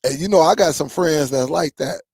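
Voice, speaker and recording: A man with a somewhat raised pitch and a gravelly, fry-laden edge talks straight to his viewers in a loose, rambling livestream chat. He laughs often and drifts from story to story. The sound is dry and close. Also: moderate pace, a little mellow, no echo. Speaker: streaming tech channel host.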